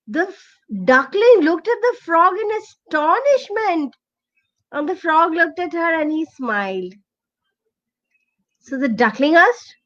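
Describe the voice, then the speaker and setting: A woman telling a children's story aloud, expressive and asking the listener questions along the way. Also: extremely high pitch, slow pace, long pauses, dull audio.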